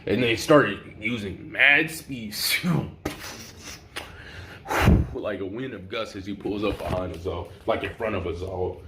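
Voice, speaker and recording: A man's voice: lowish voice, moderate pace, hardly any pauses, background noise. A young man casually retelling a fan story in heavy slang, rambling, swearing and making sound effects.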